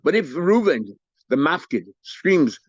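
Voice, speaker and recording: A man teaching a daily Talmud lesson, mixing English with Hebrew and Aramaic study terms and acting out the litigants' lines in quick bursts. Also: on the high side, big pitch swings, no room sound. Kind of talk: daf yomi Talmud lecture. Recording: dull, lo-fi dry recording.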